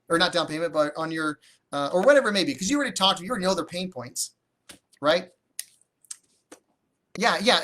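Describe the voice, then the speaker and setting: Energetic man coaching on a livestream. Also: sits high. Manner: energetic, conversational, frequent restarts. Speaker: real estate wholesaling coach. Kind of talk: live-streamed teaching with viewer comments.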